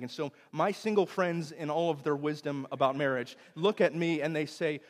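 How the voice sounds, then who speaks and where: A young man preaches in a long-echoing sanctuary, his slightly raised voice carrying a personal story. He swings between loud, excited bursts and quiet, tender passages. He grew up in Texas. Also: a little high, moderate pace, hardly any pauses. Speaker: pastor. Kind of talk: sermon. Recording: long hall reverb.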